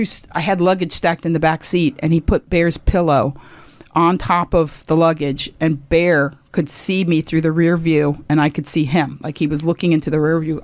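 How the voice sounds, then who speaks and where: A woman's voice: fairly low pitch, no echo. A woman in her sixties, a comedian telling a story as a podcast guest, acting out the people she quotes. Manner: animated, acts out quoted people.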